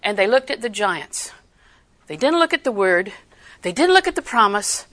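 Bright-voiced emphatic older woman preacher. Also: medium pitch, moderate pace. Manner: animated, emphatic, acts out quotes. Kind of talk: sermon.

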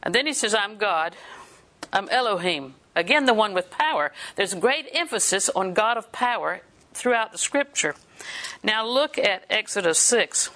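An older woman delivers a sermon in a bright, forward voice. She mixes homely family stories with scripture and laughs easily as she talks. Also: medium pitch, expressive, moderate pace. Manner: folksy storytelling, laughs often. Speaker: preacher.

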